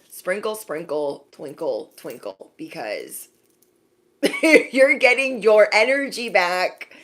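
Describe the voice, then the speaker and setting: A young adult woman giving a sassy, animated spiritual pep talk to her viewers, acting out little scenes as she goes. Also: medium pitch. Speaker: intuitive reader.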